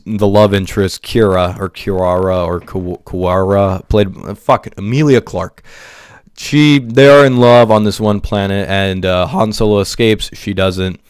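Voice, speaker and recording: A man's voice: fairly low pitch, clear, resonant tone, no room sound, studio quality. Exasperated man ranting about a movie. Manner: exasperated, profane ranting with stammered restarts. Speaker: movie reviewer.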